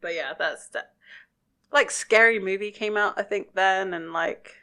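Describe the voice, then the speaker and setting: A woman co-hosting a podcast, casually talking through a TV episode, relaxed and quick to giggle. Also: medium pitch. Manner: relaxed, giggly, thinks aloud. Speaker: podcast co-host. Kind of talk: casual chat about a TV episode.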